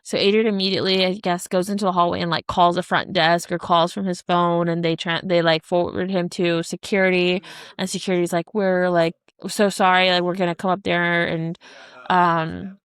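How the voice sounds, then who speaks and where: A woman's voice: lowish voice, flat delivery, normal speed, clean tone, no echo, clean studio sound. A woman in her thirties co-hosting a podcast, telling a long story in casual chat, rambling with lots of "like" and restarts. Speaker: podcast co-host.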